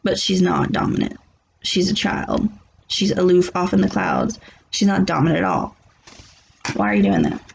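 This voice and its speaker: A woman's voice: lowish voice, very animated, normal speed, vocal fry, pauses often, slight background noise. A woman giving a casual tarot reading, blunt and rambling, often restarting and laughing. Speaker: tarot reader. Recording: muffled lo-fi recording.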